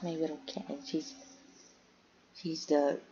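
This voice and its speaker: A woman's voice: low-pitched, flat delivery, takes it slowly, dark tone, lo-fi sound, slight background noise. A young woman chatting casually while playing a firefighter game, making radio calls and talking to her cats.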